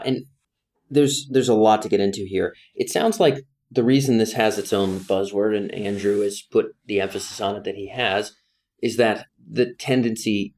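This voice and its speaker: Host: low-pitched man, fluent, affirming, paraphrases then asks. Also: a little mellow. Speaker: podcast host. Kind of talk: conversational interview.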